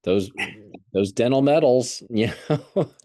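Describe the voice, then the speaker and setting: A man's voice: medium pitch, animated, takes it slowly, mellow, no room sound, studio quality. A man hosting a podcast, who is a dentist, chiming in with brief agreement and comments. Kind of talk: casual podcast talk.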